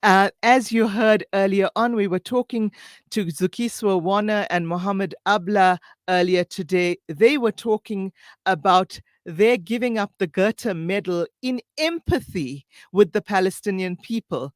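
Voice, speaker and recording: A woman hosting a morning talk show, briskly introducing the segment and her guest. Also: medium pitch, no room sound, clean studio sound. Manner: warm backchannels, brisk introductions. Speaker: host.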